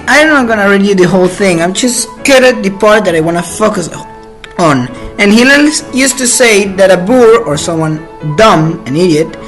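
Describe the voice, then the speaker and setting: Man, channel host, ranting monologue, slow delivery, indignant, halting restarts, faint background music. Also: high voice, a bit bright.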